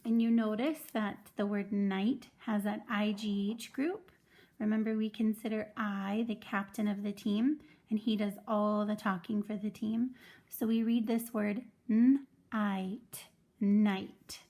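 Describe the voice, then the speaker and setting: A woman teaching first grade in an online video lesson, clear and patient as she explains step by step. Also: mid-range voice, steady tone, a little slow, a little mellow.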